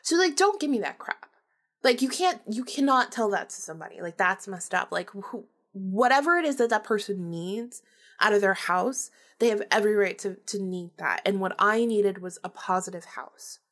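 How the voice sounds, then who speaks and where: Breathy young woman telling a story casually. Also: medium pitch, moderate pace, fairly bright tone. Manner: chatty, laughs often, swears casually. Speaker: podcast host.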